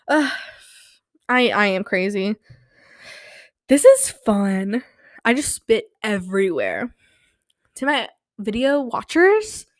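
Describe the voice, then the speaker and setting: A young woman talks into a close studio mic in a dry little room, running her own podcast. Her voice sits a bit high. She is hyper and rambling, poking fun at herself, sleep-deprived and slap-happy, and her throat is a little sore from yelling. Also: no echo. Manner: hyper, rambling, self-mocking. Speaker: podcast host. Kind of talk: casual solo podcast chat. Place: small home studio.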